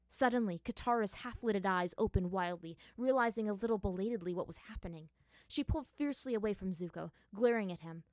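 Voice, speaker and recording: A woman's voice: mid-range voice, a little fast, a little mellow, no room sound, clean studio sound. Woman narrating a dramatic fan story. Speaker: fan fiction reader.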